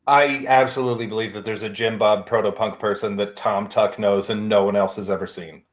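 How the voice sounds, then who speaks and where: A man's voice: fairly low pitch, fairly even intonation, brisk. A man as a guest in a casual chat, wry and dry.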